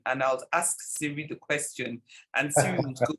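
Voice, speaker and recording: A woman's voice: low voice, moderate pace. A woman podcast host with a Nigerian accent, chatting casually, laughing and acting out anecdotes. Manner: animated, laughing, acts out anecdotes. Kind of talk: casual interview chat.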